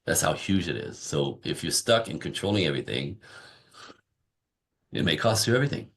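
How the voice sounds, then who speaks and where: A man's voice: deep voice, normal speed. A man, a relationship coach, talking casually on a podcast and acting out little dialogues from his stories. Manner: animated storyteller acting out dialogue. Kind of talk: conversational podcast interview.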